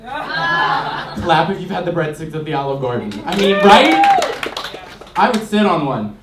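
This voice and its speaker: A man delivers brash, punchy stand-up in a slightly high voice. He is recorded from a distance in a roomy comedy club. Clear background noise runs under his voice. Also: huge pitch swings, unhurried. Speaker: stand-up comic.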